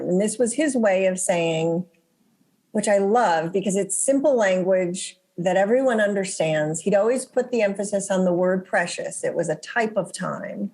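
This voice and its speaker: A woman being interviewed as a guest author, talking gently and reflectively with many pauses and restarts. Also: medium pitch. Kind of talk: conversational interview.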